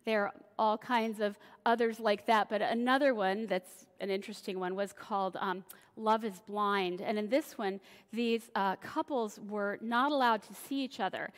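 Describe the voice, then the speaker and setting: A woman's voice: medium pitch, fairly even intonation, moderate pace, long reverb tail. A woman pastor giving a casual, conversational sermon, often acting out voices in the stories she tells. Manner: chatty, acts out voices in dialogue. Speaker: senior pastor. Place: church sanctuary.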